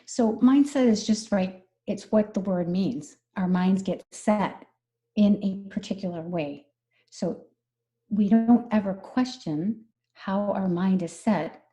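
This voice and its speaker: A woman's voice: mid-range voice, slow, mellow. A woman stress management coach explaining her methods earnestly in a conversational interview, repeating key phrases.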